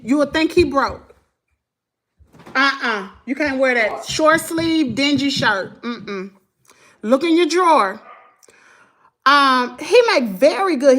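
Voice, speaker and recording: A woman's voice: high-pitched, a bit bright. A middle-aged woman with a Southern US accent, chatting casually to viewers as a vlogger while scolding and dressing her child. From Southern United States. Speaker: vlogger and mother.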